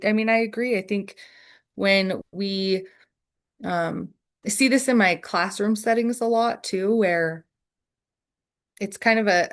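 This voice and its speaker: An online poetry workshop is led by a woman with a mid-range voice, who answers questions deliberately and thoughtfully while leaning on many fillers.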